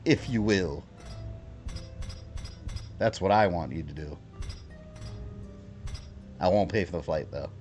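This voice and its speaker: A man streaming a video game, telling a story in casual chat, animated and swearing freely with lots of fillers. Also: low voice, slow pace, long pauses, soft background music. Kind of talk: casual storytelling while gaming. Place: home, lives in Florida.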